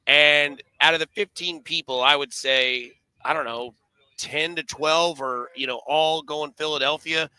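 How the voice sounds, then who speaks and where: A man's voice: fairly high pitch, steady tone, measured pace, sharp tone, clean tone, no room sound, rough recording. A man hosting a sports radio show, telling stories in a rambling, casual way with many fillers and restarts.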